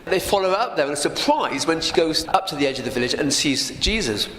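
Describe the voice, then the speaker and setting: Telling a Bible passage as a story, a man speaks fast in a fairly high, fairly bright, animated voice and keeps turning to listeners with tag questions. Long reverb from an echoey room and faint noise surround him.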